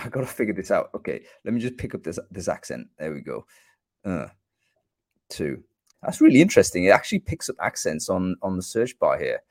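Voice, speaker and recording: A man hosting a live online show, chatty and filled with ums and uhs, talking from a room by a bright window. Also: on the low side. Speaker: host.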